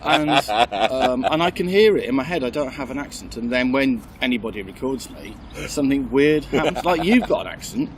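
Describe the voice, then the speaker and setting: A man's voice: mid-range voice, brisk, hardly any pauses, a crowd in the background. Chatty Birmingham-accented man. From south Birmingham. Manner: animated, chatty, self-mocking. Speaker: improv guest. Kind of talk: casual chat.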